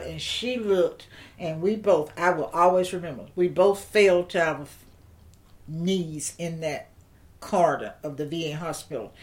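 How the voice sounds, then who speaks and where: An older woman, telling a personal story in an interview, slow and reflective with halting restarts. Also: sits low.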